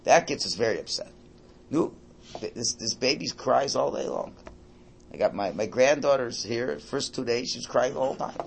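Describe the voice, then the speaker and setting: An older man teaching a religious class to a room, lively and animated, often checking in with his listeners. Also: mid-range voice, moderate pace, creaky, a little hiss or hum. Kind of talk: lecture to a class.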